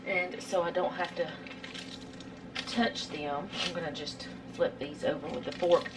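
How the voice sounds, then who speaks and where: A woman's voice: sits low, fairly even intonation, a little slow, very noisy. A middle-aged woman, chatting casually through a home cooking vlog in her kitchen, rambling with lots of fillers.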